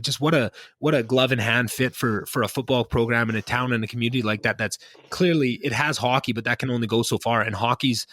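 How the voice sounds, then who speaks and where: A young man hosts a relaxed catch-up podcast, speaking quickly. His tone is earnest and reflective, full of fillers and restarts. The recording is close and dry, with little room sound. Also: mid-range voice, no room sound. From Canada. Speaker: podcast host. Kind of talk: casual catch-up chat.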